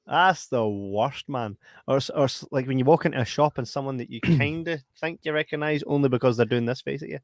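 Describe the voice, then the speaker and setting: A man with a Scottish accent co-hosting a podcast in casual chat, playful and quick to laugh. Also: mid-range voice, no room sound, studio quality. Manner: playful, laughs often, lively banter. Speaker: podcast co-host.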